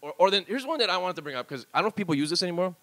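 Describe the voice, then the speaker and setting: A man from Hawaii, co-hosting a podcast in joking, animated banter. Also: sits high, very fast. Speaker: podcast co-host. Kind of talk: casual comedic chat. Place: live studio room with audience.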